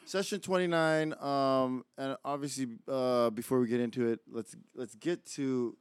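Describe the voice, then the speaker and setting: A man's voice: mid-range voice, fairly even intonation, moderate pace, clear, resonant tone, no room sound. A man co-hosting a podcast in casual, rambling chat, swearing and telling stories among friends. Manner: rambling, swearing, laughing storytelling. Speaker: podcast co-host.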